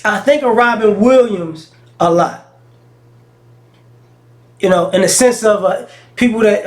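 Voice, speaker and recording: A man's voice: sits high, darkish tone. A man vlogging in a casual monologue, telling stories frankly in slang and often restarting his sentences. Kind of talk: casual talking-head monologue.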